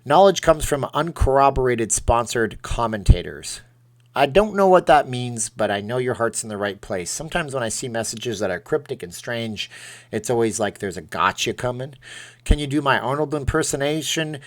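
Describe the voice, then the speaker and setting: A man's voice: mid-range voice, expressive, moderate pace. A man hosting a casual live stream from home, reading viewer comments aloud and answering them in a chatty, self-deprecating way.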